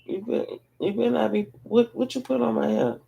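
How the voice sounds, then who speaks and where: A woman's voice: a little high, steady tone, brisk, creaky, mellow, husky, dull audio. A woman talking casually to her viewers at home, rambling and conversational, addressing them directly as she talks. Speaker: online talk host. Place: at home, having her hair done.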